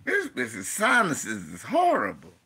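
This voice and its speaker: A man hosting casual reaction commentary, loud, crude and joking, often breaking into laughter. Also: on the high side, wildly swooping pitch, measured pace, breathy edge. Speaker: host.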